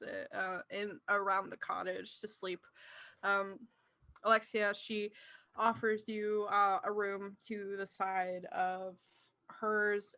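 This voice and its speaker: A woman running a tabletop game as game master, narrating slowly with frequent hesitant fillers. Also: mid-range voice, pushed and bright.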